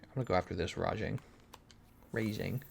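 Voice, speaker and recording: A man's voice: deep voice, fairly quick, vocal fry, a little hiss or hum. A man streaming a game live, chatting casually, joking, thinking aloud and answering his viewers' questions. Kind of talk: casual live-stream commentary while playing.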